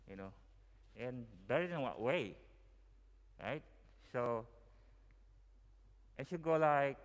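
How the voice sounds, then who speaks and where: Filipino accent, young man, mid-pitched voice, casual sermon, long church reverb. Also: expressive, slow pace, pauses often. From Philippines. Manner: chatty, many fillers and "you know". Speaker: guest preacher. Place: church hall.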